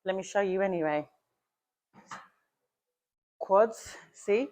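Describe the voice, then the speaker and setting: This young woman speaks slowly, pausing often, in a medium-pitched voice with a darkish tone. She's a fitness coach leading a gym workout in a casual, direct manner, talking to "you lot" while slightly winded from demonstrating.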